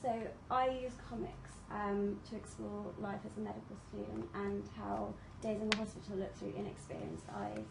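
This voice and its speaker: A woman, a medical student, giving a reflective, hesitant presentation with many pauses and ums. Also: mid-range voice, animated, creaky. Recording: echoey room with audible noise.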